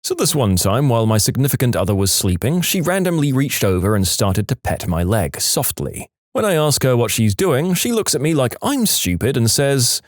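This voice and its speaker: A man narrating reader-submitted stories in a scripted, expressive way, acting out the quoted lines with changing voices. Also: medium pitch, moderate pace, hardly any pauses, no room sound, studio quality. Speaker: storytime narrator.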